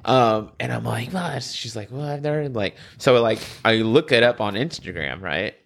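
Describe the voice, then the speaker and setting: A man chatting casually on a podcast, relaxed and laughing as he quotes others. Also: medium pitch, normal speed, gravelly. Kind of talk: casual chat, storytelling.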